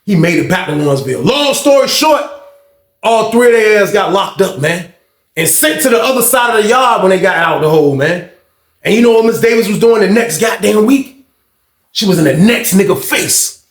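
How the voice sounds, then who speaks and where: High-voiced man telling a prison story. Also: moderate pace. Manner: animated, profane street slang. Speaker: vlogger, storyteller. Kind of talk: casual storytime monologue. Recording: echoey room.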